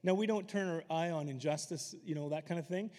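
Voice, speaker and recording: Conversational pastor in an echoing hall. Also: male voice, fairly high pitch, fairly quick, dark tone. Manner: conversational, storytelling with asides. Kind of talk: sermon. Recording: long hall reverb.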